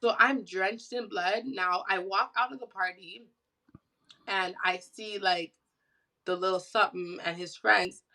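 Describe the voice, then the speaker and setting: A woman from Canada with a Toronto accent, a podcast guest telling a story casually, animated and swearing freely. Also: medium pitch, measured pace, poor audio. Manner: animated, swears freely, acts out quoted voices.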